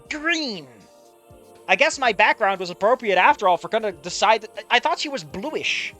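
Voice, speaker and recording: Excitable streamer with a bright, lively voice; potty-mouthed desk-mic reaction commentary that swings between shouting and muttering. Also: moderate pace, soft background music. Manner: excitable, swears a lot, swings from shouted outbursts to low muttering. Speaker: streamer reacting to a fan comic. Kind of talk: casual live reaction commentary.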